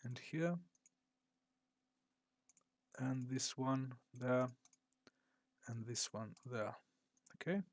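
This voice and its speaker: Slow-talking man streaming a strategy game. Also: mid-range voice, no room sound. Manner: slow, thinking aloud. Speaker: game developer playing his game. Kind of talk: live gameplay commentary. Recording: loud game battle sounds behind.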